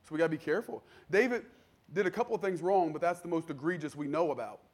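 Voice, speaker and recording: A man preaching a sermon in a conversational style, acting out the people in his stories and building to loud, fervent peaks. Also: on the high side, fast. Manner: conversational preaching, acts out quoted voices, builds to shouting. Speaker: pastor.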